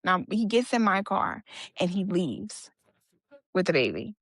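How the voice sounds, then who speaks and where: On a podcast, a young female guest recounts a personal story conversationally, quoting others' words and using fillers as she goes. She speaks a little slowly in a lowish, husky voice with a fairly bright tone and big swings in pitch. The recording is studio quality with no echo.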